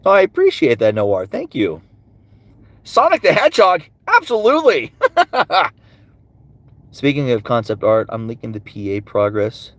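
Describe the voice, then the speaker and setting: A man's voice: medium pitch, huge pitch swings, measured pace, long pauses, dry recording. A male voice actor chatting casually with fans and answering their questions, slipping into character voices between answers. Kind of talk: casual livestream Q&A with impressions.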